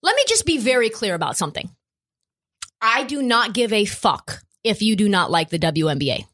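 A woman's voice: mid-range voice, very animated, moderate pace, fairly bright tone. A woman hosting a sports podcast, ranting with profanity and rhetorical questions. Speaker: podcast host. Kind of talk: opinionated sports talk.

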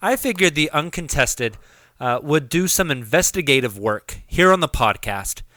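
Male podcast host, bright forceful tone, dry close sound, upbeat casual chat. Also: on the high side, animated, normal speed, no room sound. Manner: upbeat, leads the conversation and poses questions.

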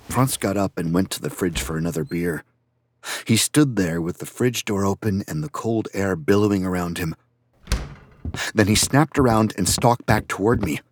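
A man narrating a first-person audiobook in a quiet, reflective, even way. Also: low-pitched, normal speed, no room sound, studio quality.

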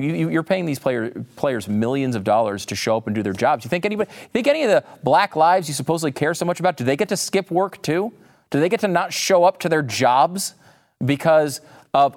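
Man, commentary host, sarcastic, indignant, lively swooping pitch, middle voice. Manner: sarcastic and indignant, with many restarts. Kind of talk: opinionated commentary show.

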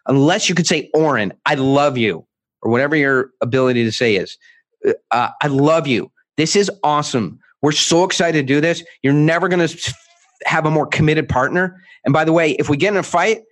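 Guy on a podcast as a guest, fired up, acts out what buyers say, kinda high voice. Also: fairly quick, a bit bright. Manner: emphatic, acts out buyer quotes, many restarts. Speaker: guest author. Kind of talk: animated interview talk.

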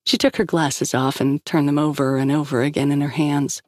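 A woman narrating a story in an even scripted storytelling voice, recorded close on a studio mic. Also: low-pitched, moderate pace, dry recording. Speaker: audiobook narrator.

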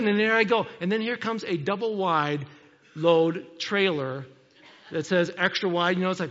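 High-voiced pastor preaching in a hall. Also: male voice, brisk, muffled recording. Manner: animated storytelling, repeats "okay?" often. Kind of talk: sermon. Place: church.

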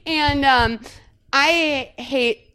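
A woman co-hosting a podcast in casual chat, telling stories in an animated way, full of "like" fillers and quick laughs. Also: sits high. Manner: chatty, animated storytelling full of 'like' fillers; laughs often mid-sentence. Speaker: podcast co-host. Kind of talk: casual chat recapping a movie.

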